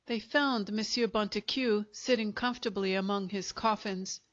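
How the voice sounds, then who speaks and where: This is scripted audiobook narration of a short story by a woman with a medium-pitched voice. She tells it in an even, measured way, though the audio quality is dull and lo-fi.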